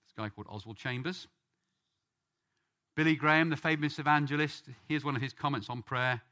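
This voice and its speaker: Brisk, a little high, and pushed and bright, this British man's voice carries earnest Bible teaching in a sermon style as he leads a study group. He lifts his pitch on questions and names.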